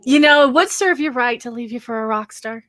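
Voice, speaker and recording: A woman co-hosting casual comedic banter, teasing with quick retorts and frequent laughs. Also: a little high, fairly bright tone. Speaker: co-host.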